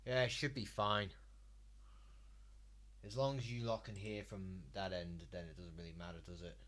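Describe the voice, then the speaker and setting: A man's voice: low-pitched, level tone, normal speed, a bit bright. A man streaming a game live, chatting loosely and crudely with his viewers in a rambling way. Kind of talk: casual live-stream chat while gaming.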